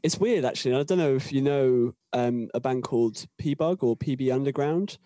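Brief: young British male musician, dark mellow voice, chatty anecdotal guest, restarts and repeats words. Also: medium pitch, normal speed, dry recording. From Britain. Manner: rambling, repeats words, animated storytelling. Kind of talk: casual anecdote-telling.

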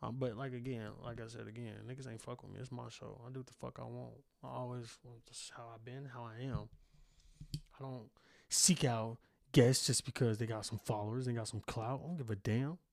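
A man's voice: medium pitch, fairly even intonation, a little fast, gravelly, a little mellow, no echo. Boastful, profane young man on a dry mic. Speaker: podcast host. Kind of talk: solo podcast rant. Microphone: single studio microphone.

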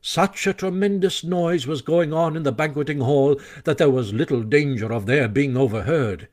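A man reading a classic children's story aloud with expressive, animated narration. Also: a little high, normal speed. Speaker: audiobook narrator.

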